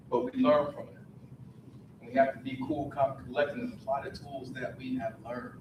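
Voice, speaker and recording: A man of middle pitch moderates a community forum, speaking in an earnest, encouraging tone. He builds to emphatic points. He sounds far from the mic in an echoey room, with steady noise behind him. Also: moderate pace. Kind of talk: public forum talk. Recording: echoey room recorded from afar, noisy.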